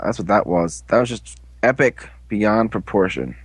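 A man giving an excited, casual recap of an episode, slipping into quick character voices. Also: fairly low pitch, breathy edge, dry recording. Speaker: fan commentator.

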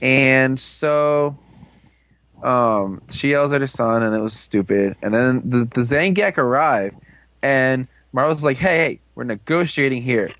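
A man casually recapping a TV episode, rambling and joking with quick asides. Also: mid-range voice, a bit bright, dry recording. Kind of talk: casual chat.

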